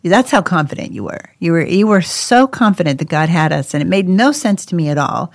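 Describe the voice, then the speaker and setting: Animated woman telling her story. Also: lowish voice, fairly quick, dry recording, studio quality. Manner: animated, laughs often, acts out quoted voices. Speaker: co-host sharing her life story. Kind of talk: casual conversational storytelling.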